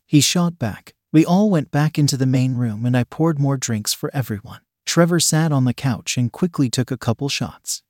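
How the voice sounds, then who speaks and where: Steady-voiced man reading a story aloud. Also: medium pitch, moderate pace, few pauses, dry recording, clean studio sound. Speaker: story reader.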